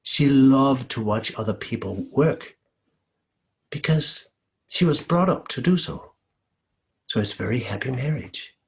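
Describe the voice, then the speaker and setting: Expressive male storyteller from Denmark. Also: medium pitch, unhurried, long pauses. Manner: lively, expressive. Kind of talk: oral folk-tale storytelling.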